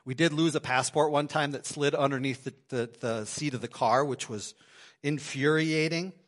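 A man preaching a sermon to his congregation in a church, swinging between loud emphasis and quiet asides. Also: a little high, normal speed. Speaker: pastor. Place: church sanctuary.

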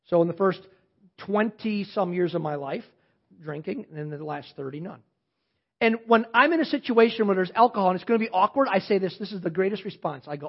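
A man in his fifties preaching a sermon as pastor, animated, swinging from loud emphatic questions to quiet low asides. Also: lo-fi sound.

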